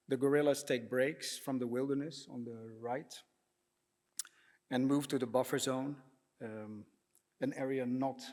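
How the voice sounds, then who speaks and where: Man giving a halting prepared talk in an echoey hall. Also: mid-range voice, a little mellow. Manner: measured, with frequent hesitations and throat clearing. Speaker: panel speaker, architect. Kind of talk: prepared talk at a public panel.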